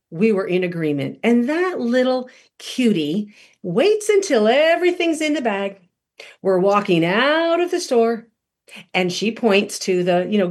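Husky, animated woman telling a story. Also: mid-range voice. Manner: animated storyteller who acts out quotes. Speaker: podcast guest speaker on parenting. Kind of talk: storytelling talk.

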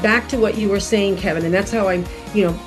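A woman's voice: medium pitch, a little fast, over music. A middle-aged woman, a guest on a podcast, telling parenting stories and acting out what was said in her own voice. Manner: animated storyteller who acts out quotes. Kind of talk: storytelling talk.

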